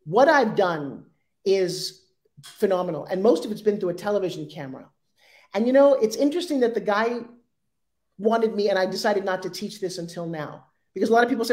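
A woman in her sixties speaking as an interview guest, animated and acting out sales pitches in quoted voices. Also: a little fast. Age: 60s. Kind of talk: energetic interview talk.

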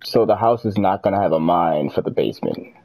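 A man's voice: low-pitched, expressive, a little fast, crowd noise, rough recording. A man hosting a gaming video, chatting casually and rambling through self-corrections while he plays. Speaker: gaming channel host. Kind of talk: casual gameplay chat.

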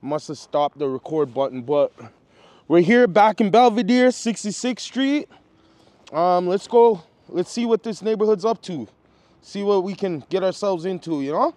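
Brief: man, street vlogger, relaxed and chatty, higher than usual voice, outdoors. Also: moderate pace, no echo. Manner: easygoing, says "yeah" and "man" a lot. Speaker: vlogger and rapper. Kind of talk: casual street interviews.

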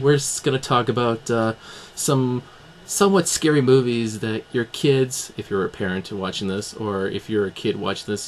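A young man hosting a casual podcast, talking in a relaxed way with plenty of fillers. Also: lowish voice, a little hiss or hum. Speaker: host. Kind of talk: podcast intro and casual chat.

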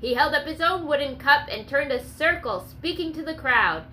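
Bright-voiced woman narrating a story. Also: sits high, lively intonation, normal speed, a little hiss or hum, rough recording. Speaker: audiobook narrator. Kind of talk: scripted narration.

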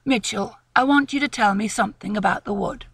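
Lady doing a polite posh young gent, coaxing, bright voice. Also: medium pitch, brisk, gravelly, slightly rough, no echo, voice pushed down. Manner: well-spoken, coaxing. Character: young gentleman of the manor, polite and persistent.

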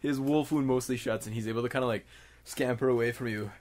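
A man's voice: mid-range voice, steady tone, fast talker, heavy background noise. A man narrating a tabletop game as game master, casual and giggly, with lots of fillers.

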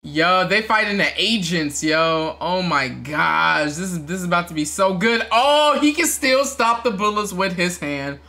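A reaction host with a lively, bright voice who keeps leaping up into excited shouts. He talks in loose, casual slang while watching a trailer at home. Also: high-pitched, unhurried, few pauses.

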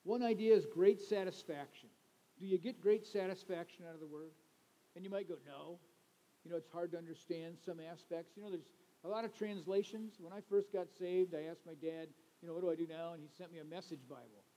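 High-voiced, mellow pastor preaching. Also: male voice, fairly even intonation, brisk, low-quality recording. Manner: conversational, joking asides to the congregation. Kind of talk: sermon.

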